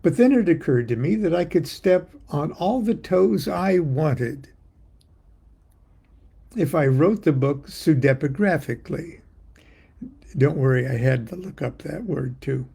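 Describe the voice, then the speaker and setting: An older man, an occult author, reading a poem and then talking in a wry, theatrical monologue with a gravelly, husky voice. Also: on the high side, animated, unhurried, warm tone.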